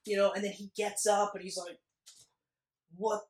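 High-pitched but with little pitch movement, this man co-hosts a podcast and rambles through a casual, jokey movie review, quick to laugh. The recording has an echoey room sound.

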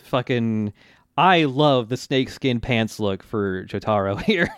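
A man's voice: mid-range voice, lively intonation, measured pace, dry recording, clean studio sound. A man co-hosting a podcast, casually recapping an anime and meandering as he searches for words. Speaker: podcast co-host.

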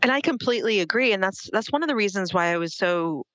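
A woman's voice: mid-range voice, animated, fast, fairly bright tone, no echo. A woman interviewing an author, asking enthusiastic, rambling questions full of fillers. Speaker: interviewer, podcast host. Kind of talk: casual interview conversation. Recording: dry, dull lo-fi audio.

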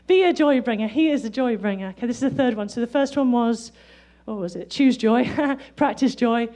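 A woman delivers a sermon in a high, lively voice. She is excitable and laughs often. She sounds middle-aged. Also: a little fast. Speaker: preacher.

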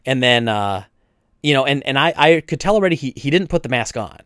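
A man who owns a video game store, telling a story in casual chat, animated and indignant, with many restarts and voices for each side. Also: mid-range voice, a little fast, clean tone, dry recording, studio quality. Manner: animated retelling, acts out both sides with frequent restarts.

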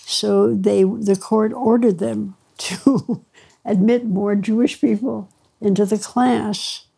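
A woman's voice: medium pitch, fairly even intonation, slow, gravelly, warm tone, husky. An older woman, a pediatrician, telling her story in an interview, reflective and wry, laughing between phrases. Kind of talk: storytelling in conversation.

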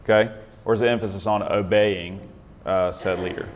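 A man's voice: low-pitched, steady tone, moderate pace, big-room sound, a little hiss or hum. A man leading a group Bible study, talking conversationally, restarting phrases and often checking in with "right?". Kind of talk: teaching a group discussion.

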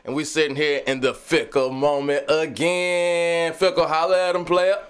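A man's voice: fairly high pitch, flat delivery, normal speed, fairly bright tone, clear, resonant tone. A man hosting a radio show in casual banter, upbeat as he brings on callers and guests. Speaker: radio host.

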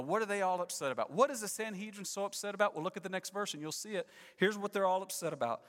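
A male pastor preaching a sermon to his church, dramatic, swinging between loud emphasis and hushed, low passages. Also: big-room sound. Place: church sanctuary.

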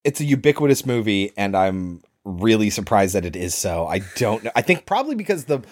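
A man in his thirties co-hosting a movie podcast, animated and sarcastic, swearing often in casual chat. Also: on the low side, a little fast. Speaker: podcast co-host.

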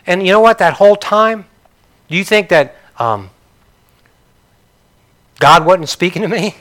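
An older man preaching a sermon in a conversational way, asking the congregation questions and swinging between loud bursts and soft, quiet passages. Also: high voice, animated, measured pace, long pauses. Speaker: pastor.

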